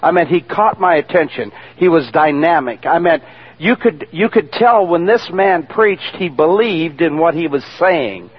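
A man's voice: fairly high pitch, lively intonation, unhurried, breathy edge. A man giving a spoken testimony in a preacher's storytelling manner, acting out the voices of the people he quotes. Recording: dull lo-fi radio recording.

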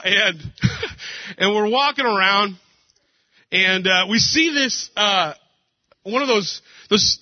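A male pastor preaching a casual sermon, telling jokes and stories with a relaxed, conversational manner. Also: high-pitched, dry recording. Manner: casual, joking storyteller. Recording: dull dry lo-fi.

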